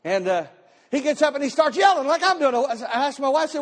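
A pastor with a very high voice tells his testimony from the pulpit, animated and bursting into shouts now and then. His voice rings on in the long reverb of a church hall. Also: brisk. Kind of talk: testimony sermon. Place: church sanctuary, live service.

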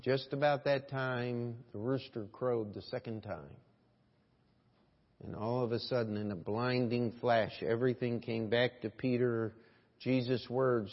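A man's voice: medium pitch, steady tone, moderate pace. Preaching man in a reverberant church. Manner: preaching with rhetorical questions and voiced scripture quotes. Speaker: pastor. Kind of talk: sermon. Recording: dull lo-fi church audio with long hall reverb.

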